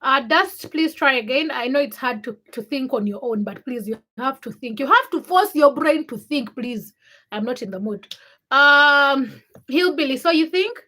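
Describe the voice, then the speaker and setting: A woman's voice: high voice, expressive, normal speed, sharp tone. A young woman from Uganda hosting a casual livestream, reading viewer comments by name and teasing them. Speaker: livestream host.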